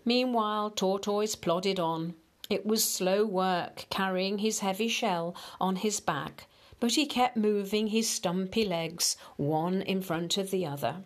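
Woman reading a kids story, slow and gentle, talks to the children. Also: mid-range voice. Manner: gentle, unhurried, addresses children directly.

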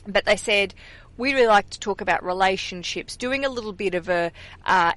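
A woman's voice: mid-range voice, fairly bright tone, no echo. A young Australian woman hosts her podcast in a casual, rambling way, laughing easily and correcting herself mid-thought. She sits in a car, and the recording is dry and close, with no room sound. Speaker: podcast host. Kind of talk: casual chat.

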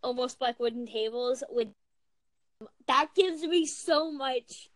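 A young woman with a fairly high voice talks in a lively, filler-heavy ramble with her friends. The sound is close and dry. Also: slow, dry recording, rough recording. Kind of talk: casual chat among friends.

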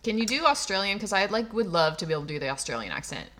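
A woman's voice: mid-range voice, sing-song, rapid-fire, sharp tone. A woman co-hosting a podcast, chatting casually and reacting with interest. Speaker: podcast co-host. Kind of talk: casual chat.

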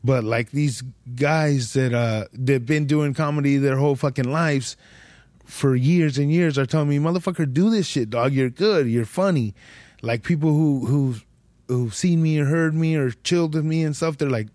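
A man's voice: fairly high pitch, normal speed, a little mellow, dry recording. A young man telling a long story on his podcast, swearing constantly and rambling. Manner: heavy swearing, slangy, rambling. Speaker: podcast host. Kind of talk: casual storytelling.

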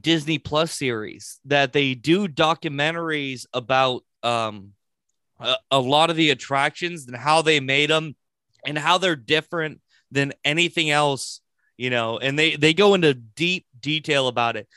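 A man's voice: on the high side, measured pace, sharp tone, clear, resonant tone, no echo, clean studio sound. A man chatting casually and telling a story with plenty of swearing. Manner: storytelling with profanity. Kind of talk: casual chat.

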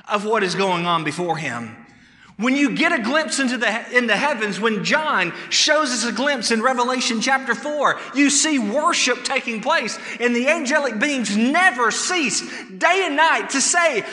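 A man preaching a sermon, emphatic, repeating words for stress and rising to loud calls. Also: very high voice, animated, normal speed. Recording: echoey hall sound.

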